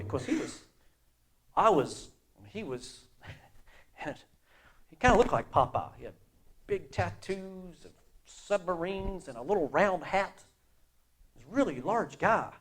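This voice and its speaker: Speaking in a slightly high voice, a middle-aged man delivers a sermon as pastor, lively and conversational, shifting from booming emphasis down to hushed asides.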